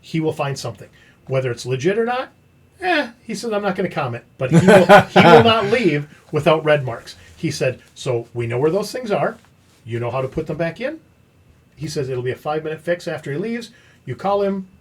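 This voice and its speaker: Brisk and on the high side, this man hosts a podcast and spins a story in casual conversation. He's animated, performing the quoted lines as he goes.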